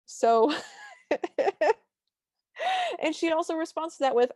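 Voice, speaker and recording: A woman's voice: very high voice, wildly swooping pitch, extremely slow, a little mellow, no echo. Woman co-host in a dry, close room. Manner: enthusiastic commentary with vivid comparisons. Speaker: podcast co-host. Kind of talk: casual film recap chat.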